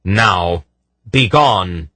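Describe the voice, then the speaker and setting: A man's voice: deep voice, lively intonation, measured pace, breathy edge, no room sound, full character voice. A man doing a cool, commanding sorceress. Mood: commanding calm. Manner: cool, implacable, dryly amused. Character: commanding, calm, powerful woman sorceress. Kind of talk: audiobook reading.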